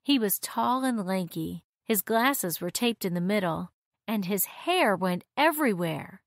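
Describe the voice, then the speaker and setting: Lady reading a kids story, dry close sound, mid pitch. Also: measured pace, no room sound. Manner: expressive read-aloud narration. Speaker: narrator.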